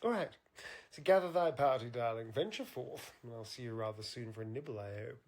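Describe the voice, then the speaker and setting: A man's voice: mid-range voice, brisk, darkish tone, natural voice. An actor playing a teasing, flirtatious vampire elf man, speaking in an arch, theatrical drawl. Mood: playful flirting. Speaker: voice actor's recorded birthday cameo.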